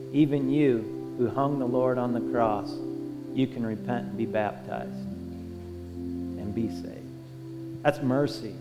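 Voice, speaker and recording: A male pastor preaching a sermon with an impassioned, rising and falling cadence and lots of repetition. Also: mid-range voice. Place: church sanctuary. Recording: long hall reverb with music underneath.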